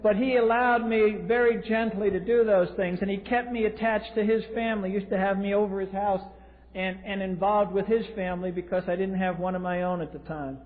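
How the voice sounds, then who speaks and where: A man's voice: sits high, fairly even intonation, a little fast. Blunt, wry man on an old hall tape. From US East Coast. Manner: blunt and wry, with dry humor. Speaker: recovery meeting speaker. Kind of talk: personal recovery story at a podium. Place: large convention hall. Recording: tinny lo-fi 1980s tape in a reverberant hall.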